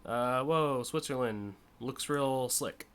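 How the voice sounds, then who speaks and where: Streaming a community car contest, a young man with an American accent chats in a rambling way. His voice is smooth, bright and forward at a normal mid pitch, and he often says "uh" and "like" between brief bursts of laughter.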